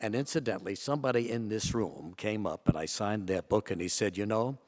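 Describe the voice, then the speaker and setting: Older man telling a lively tale, hall reverb. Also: fairly quick. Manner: animated, acts out quoted voices with big jumps in pitch and loudness. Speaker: guest storyteller. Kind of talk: anecdotal storytelling to a live audience. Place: large auditorium. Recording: long reverb of a large hall.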